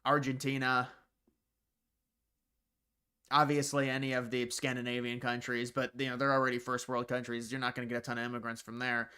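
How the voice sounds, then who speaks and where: A man's voice: medium pitch, flat delivery, a little fast, pauses often, sharp tone, clear, resonant tone. A man hosting a casual livestream, rambling and answering viewers' comments as they come in. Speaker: livestream host.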